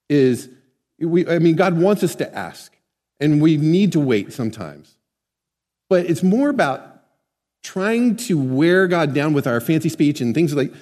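Guy preaching to his church, chatty, keeps asking the crowd stuff, warm mellow voice, echoey hall. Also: fairly high pitch. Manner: conversational, asks the congregation questions. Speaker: pastor. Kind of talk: sermon. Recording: long hall reverb.

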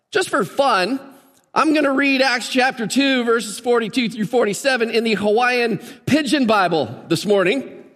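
Chatty pastor in a reverberant church. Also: male voice, sits high, a bit bright. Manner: chatty, joking, with many fillers. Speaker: lead pastor. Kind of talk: casual sermon. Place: church auditorium.

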